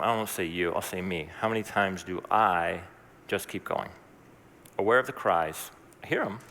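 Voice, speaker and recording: A man preaching in a chatty, earnest way, often restarting mid-thought. His voice sits fairly low but sounds bright and forceful. Each phrase rings out in a long reverb, as in a church hall. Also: a little hiss or hum. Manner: conversational, earnest, with restarts and asides. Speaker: pastor. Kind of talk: sermon.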